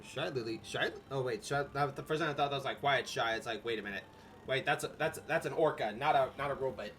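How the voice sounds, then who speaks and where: A man's voice: mid-range voice, fast, a bit bright, recorded from a distance, slight background noise. A man chatting casually with his partner during her art stream, easygoing and teasing. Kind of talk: casual chat.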